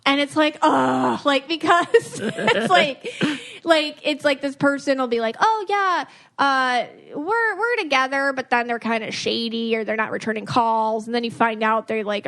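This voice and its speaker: A woman hosting a podcast and reading auras, chatting casually, laughing often and acting out quoted voices. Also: a little high. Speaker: podcast host, aura reader.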